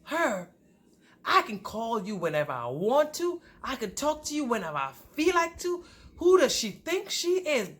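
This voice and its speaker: A woman's voice: medium pitch, big pitch swings, unhurried, fairly bright tone. A woman voicing her husband's indignant, jealous ex-girlfriend in a mocking, haughty tone.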